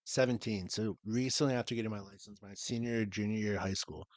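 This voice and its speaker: A man's voice: lowish voice, steady tone, fast talker, no room sound. A young man co-hosting a podcast, casually telling a profane story and laughing as he goes. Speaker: podcast co-host. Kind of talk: casual chat. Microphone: podcast mic.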